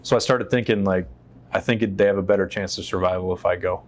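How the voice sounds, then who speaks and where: Lowish-voiced man telling a candid story. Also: quick pace. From United States. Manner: animated, profane, acts out quotes. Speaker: interview guest, veteran. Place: on a stage in a shop.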